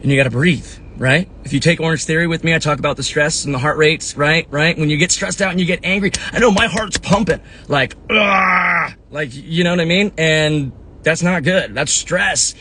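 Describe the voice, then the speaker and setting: Man, 30s, fitness coach, casual live talk, earnest, checks in a lot, slightly high voice, faint rumble behind. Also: a little fast, bright, forceful tone. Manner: earnest, conversational, lots of "right?" and "you know what I mean". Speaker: fitness coach and motivational talker. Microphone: phone or webcam.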